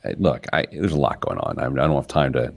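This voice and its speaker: A man's voice: a little fast, gravelly. A man hosting a money talk show, chatting casually and poking fun at himself. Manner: self-mocking, chatty, jumps in pitch when excited. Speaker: host.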